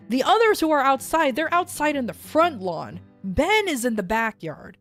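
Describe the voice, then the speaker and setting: A woman streamer casually telling a long story, rambling with many fillers and restarts. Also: a little high. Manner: rambling, filler-heavy, animated retelling.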